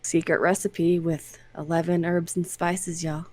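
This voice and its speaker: A woman's voice: fairly low pitch, little pitch movement, a little slow, dark tone, faint music behind. A woman co-hosting a podcast in casual chat, giggly and rambling with lots of likes. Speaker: podcast co-host.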